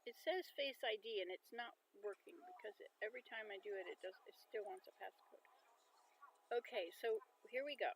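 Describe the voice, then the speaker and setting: A woman's voice: medium pitch, slight background noise, rough recording. A woman hosting a casual livestream, chatting and musing aloud as she sounds out words. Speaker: livestream host.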